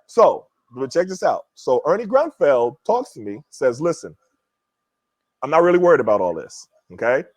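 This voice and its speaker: A man in his forties, a former pro athlete guest, telling a story in a lively way and acting out what others said. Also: moderate pace, no echo. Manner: lively, acts out quotes with shifting pitch. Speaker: guest, former NBA player. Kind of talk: animated storytelling.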